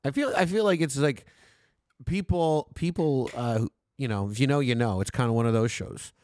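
A man's voice: mid-range voice, moderate pace, darkish tone. A man from Canada co-hosting a podcast in laughing, profane casual banter. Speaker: podcast co-host. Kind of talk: casual chat.

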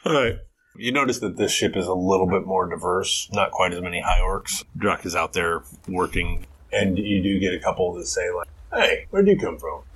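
A man's voice: sits low, fairly even intonation, normal speed, fairly bright tone, slight background noise. A man narrating as game master in a tabletop game, casual with laughing asides.

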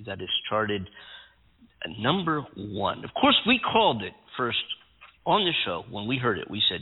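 Gravelly man hosting over a tinny line. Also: on the low side, very animated, a little slow. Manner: enthusiastic, repeats words. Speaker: host. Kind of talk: radio-style show hosting. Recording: tinny phone-like line with faint music.

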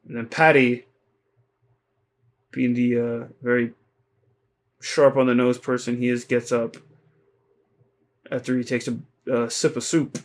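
A man's voice: mid-range voice, little pitch movement, normal speed, long pauses. Laid-back man recapping on a podcast. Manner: loose, conversational retelling with fillers and casual swearing. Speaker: podcast co-host.

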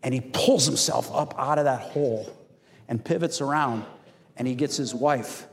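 A man preaching a sermon as pastor, telling stories with animated acted-out quotes. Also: mid-range voice, normal speed, gravelly. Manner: animated storytelling, acts out quotes. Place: church hall. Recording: long hall reverb.

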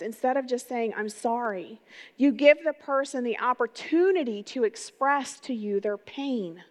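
A middle-aged woman pastor giving an energetic, conversational sermon, often putting rhetorical questions to her congregation. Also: a little high. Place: church sanctuary. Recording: long reverb of a large hall.

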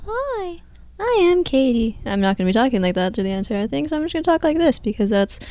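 A woman on a casual podcast, giggling and speaking haltingly during the sound check. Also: medium pitch, animated, mellow, dry recording. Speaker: podcast co-host.

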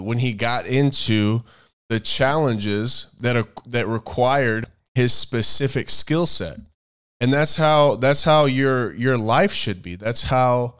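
A man co-hosting a casual faith-based chat, rambling and thinking out loud as he searches for words. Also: mid-range voice, clear, resonant tone. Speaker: podcast co-host.

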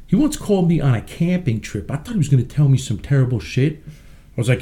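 Rich: A brash man in a casual interview, rambling and cursing freely. His voice is mellow and dark in tone, but it swings widely up and down as he talks. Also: medium pitch, sing-song, fairly quick. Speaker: interview guest, musician.

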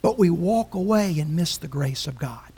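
Breathy woman preaching with passion. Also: lowish voice, lively intonation, normal speed, mellow. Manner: impassioned, emphatic, with restarts. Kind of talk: sermon.

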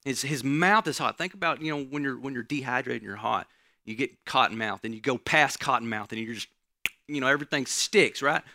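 Gravelly, bright-voiced preacher man. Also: mid-range voice, fairly quick, no room sound, clean studio sound. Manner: conversational teaching, frequent "right?" asides. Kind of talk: sermon.

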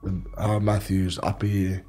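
A man's voice: sits low, flat delivery, normal speed, dark tone. A man with an Australian accent, a former rugby league player, telling rambling stories and swearing freely in casual chat.

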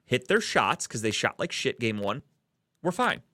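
A man's voice: medium pitch, very animated, moderate pace, pushed and bright, dry recording. Man ranting profanely, dry sound. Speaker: podcast host. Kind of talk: casual sports podcast rant.

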